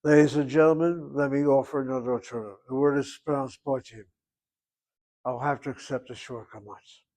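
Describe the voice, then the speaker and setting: A man's voice: medium pitch, fairly even intonation, fast, a little mellow. Older man teaching a grammar class. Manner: thinks aloud, reasoning back and forth. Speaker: Hebrew teacher.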